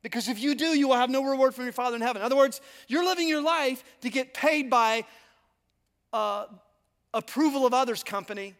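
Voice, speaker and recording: A man's voice: extremely high pitch, fairly quick, fairly bright tone. A male pastor delivering a sermon, telling stories in a conversational, self-deprecating way. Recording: long hall reverb.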